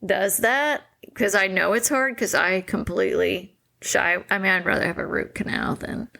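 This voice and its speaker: A woman's voice: mid-range voice, expressive, moderate pace, vocal fry, pushed and bright. A woman in her forties co-hosting a casual podcast, talking candidly and laughing often. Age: 40s. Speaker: podcast co-host. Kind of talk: casual chat.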